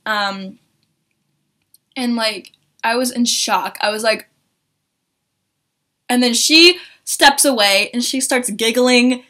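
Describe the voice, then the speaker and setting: A young woman telling a story to camera in an excited vlog, gushing, swearing and acting out quotes in a higher voice. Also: slow, pauses often. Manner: gushing, swears a lot, acts out quotes in a high voice. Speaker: vlogger.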